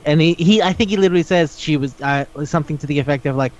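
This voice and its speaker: A man's voice: on the high side, normal speed, a little mellow. A man co-hosting a casual podcast chat, talking animatedly, swearing often and acting out characters' lines as he retells a story. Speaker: podcast co-host. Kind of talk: casual chat recapping a manga. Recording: dull lo-fi recording.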